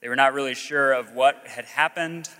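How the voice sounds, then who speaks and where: A man's voice: mid-range voice, steady tone, normal speed, pushed and bright, long reverb tail. A young man, a school chaplain from the Alabama Gulf Coast, tells a personal story to an audience in a candid, self-mocking way with frequent "uh" fillers. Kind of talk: personal story told on stage.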